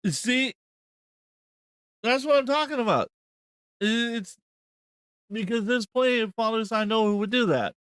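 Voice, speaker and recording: A man's voice: extremely high pitch, a little slow, pauses often, a bit bright, smooth, no room sound, clean studio sound. A man hosting a reaction commentary, rambling and incredulous, swearing often. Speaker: host.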